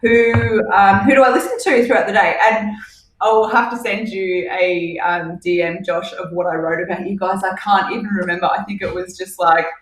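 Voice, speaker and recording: A woman's voice: mid-range voice, steady tone, normal speed, roomy sound, far from the mic, rough recording. An Australian woman guesting on a podcast, chatting in a bubbly way and laughing often. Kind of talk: casual chat.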